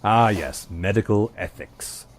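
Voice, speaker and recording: Man doing a stiff deadpan butler, lowish voice but swingy, faint hiss. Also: a little slow, close to an everyday voice. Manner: formal, deadpan. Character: prim, dry-witted English male butler.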